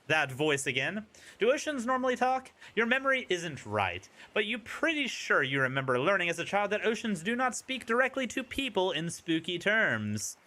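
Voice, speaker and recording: High, lively man reading a game aloud. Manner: playful, wry asides. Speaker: streamer. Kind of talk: reading a dating sim aloud with commentary.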